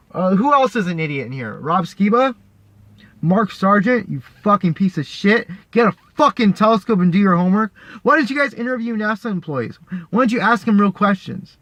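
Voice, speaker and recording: A man's voice: sits high, very animated, moderate pace, a bit bright, dry recording. A man ranting angrily to camera, swearing, repeating himself and mocking the people he argues with. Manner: heated, profane, repetitive, mocking. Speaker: vlogger. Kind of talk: angry ranting monologue.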